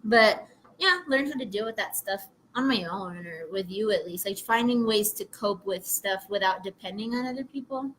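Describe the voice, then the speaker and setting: A woman's voice: medium pitch, moderate pace, a bit bright, slight background noise. A young woman co-hosting a casual podcast, talking animatedly, laughing often and swearing freely. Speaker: podcast co-host. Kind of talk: casual chat.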